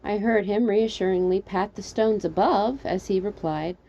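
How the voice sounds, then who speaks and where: A woman's voice: normal speed, muffled recording. Wry woman reading a comic story. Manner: wry, animated, jumping high for quoted lines. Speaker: storyteller reading her fan fiction. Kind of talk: comedic story narration.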